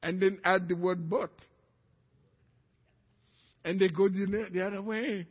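A male pastor preaching a sermon, swinging from loud fervent peaks to low, quiet storytelling. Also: steady tone, slow pace, breathy edge, long reverb tail, dull audio.

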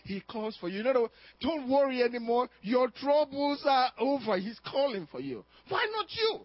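A man's voice: very high voice, big pitch swings, normal speed, no room sound. A man preaching a sermon, emphatic, firing questions at his congregation and laughing now and then. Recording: dry, dull lo-fi recording.

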